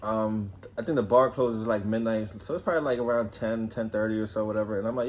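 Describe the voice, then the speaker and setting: A man's voice: on the low side, fast talker, slight background noise. Young man telling a wild story. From New Jersey, US. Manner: animated, swearing, acts out quotes in raised voice. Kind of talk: casual storytelling.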